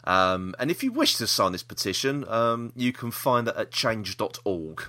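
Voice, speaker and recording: A man's voice: fairly low pitch, big pitch swings, normal speed, bright, forceful tone. A man co-hosting a casual podcast chat, rambling with restarts and laughter. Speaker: podcast co-host.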